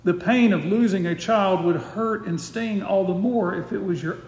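A man's voice: high-pitched, darkish tone. Man preaching in an echoey hall. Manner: slows to stress key phrases, repeats words. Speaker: pastor. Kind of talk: expository sermon. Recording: roomy hall reverb.

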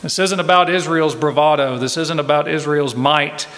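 A male pastor preaches with emphatic, rhythmic refrains that climb as he presses each point. His voice sits slightly high for a man. The sound carries the long echo of a large church hall. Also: steady tone, moderate pace, fairly bright tone. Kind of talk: sermon.

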